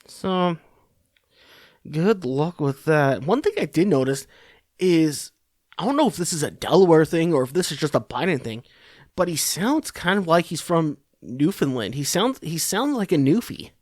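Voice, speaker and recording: A man's voice: fairly high pitch, very animated, normal speed, darkish tone, dry recording, studio quality. A man hosting a podcast, giving casual political commentary in a rambling, sarcastic, profane way. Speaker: podcast host.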